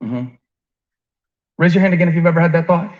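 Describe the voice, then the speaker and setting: High-voiced preacher, dull recording. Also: male voice, a little fast. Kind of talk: conversational sermon. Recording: dull lo-fi sound.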